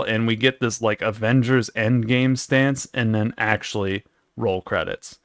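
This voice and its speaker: A man's voice: medium pitch, steady tone, a little slow, dry recording, studio quality. A young man making a comedic recap, sarcastic and profane, who keeps drifting into rambling asides. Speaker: video creator.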